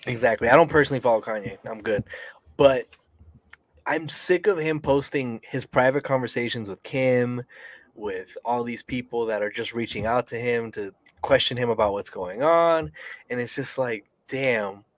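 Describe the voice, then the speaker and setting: A man's voice: medium pitch, normal speed, no room sound. A young man co-hosting a casual podcast, ranting in a heated, profane way with frequent sighs. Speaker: podcast co-host.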